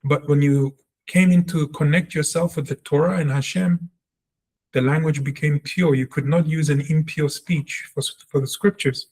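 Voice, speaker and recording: A man giving a spoken language lesson, talking earnestly and reflectively, and repeating sounds slowly to show how they are said. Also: on the high side, fairly even intonation, darkish tone, husky. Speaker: Hebrew teacher.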